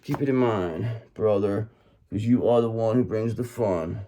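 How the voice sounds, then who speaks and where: A man's voice: fairly low pitch, measured pace, warm tone, a little hiss or hum. A man giving a tarot reading straight to his viewers, talking emphatically, repeating himself for effect and checking in with "okay?" and "brother". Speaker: tarot reader.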